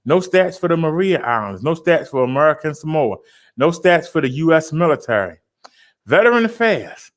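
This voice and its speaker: Animated man announcing stats on a livestream. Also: on the high side. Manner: showy, drawn-out announcing with loud punches; chatty, addresses viewers as y'all. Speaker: livestream host reading daily stats. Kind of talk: casual livestream chat.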